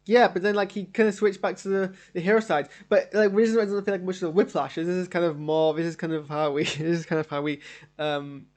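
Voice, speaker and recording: A man's voice: high-pitched, fairly even intonation, quick pace, darkish tone. A man streaming a live show reaction from his home studio, rambling and enthusiastic as he talks it through.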